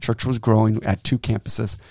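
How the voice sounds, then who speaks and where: A man who is a pastor, telling a story on a casual podcast in an animated way and acting out the people he quotes. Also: on the low side, fairly quick, vocal fry, dry recording. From Southern California. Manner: animated storyteller, acts out quoted voices, laughs often.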